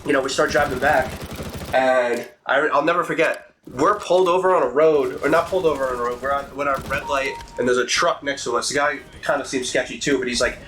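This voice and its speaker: Young adult male storyteller, bright edgy tone, slangy and profane, faint noisy home recording. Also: mid-range voice, moderate pace. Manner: animated, swearing, slangy. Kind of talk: casual storytelling.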